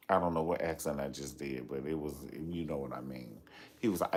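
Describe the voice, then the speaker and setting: A man's voice: rumbling low, big pitch swings, moderate pace, gravelly, slightly rough. A man giving sassy, dramatic commentary on reality TV gossip, telling the story with playful asides.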